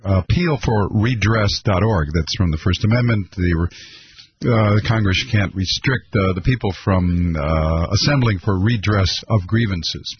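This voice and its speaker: A lower-voiced man hosts a political call-in show on the radio. He sounds indignant and sardonic, with plenty of uhs and ums. The audio is a bit dull. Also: unhurried. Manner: indignant, sardonic, many fillers. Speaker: radio talk show host.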